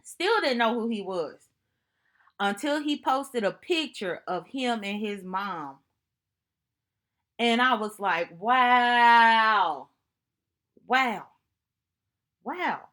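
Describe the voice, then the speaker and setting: A woman speaking to camera in an earnest, reflective monologue, telling personal stories in an unhurried way and often repeating herself for emphasis. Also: mid-range voice, expressive, fairly bright tone. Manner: earnest, thoughtful, unhurried storytelling with repetitions. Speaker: vlogger.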